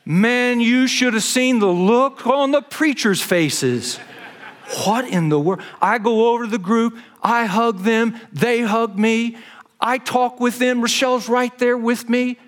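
A man's voice: very high voice, measured pace. A man, a pastor preaching a sermon in an earnest, conversational storytelling manner.

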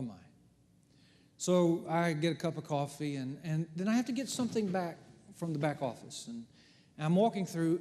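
A middle-aged man preaching a sermon as pastor, telling stories with big swings from hushed to loud. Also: fairly high pitch. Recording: long hall reverb.

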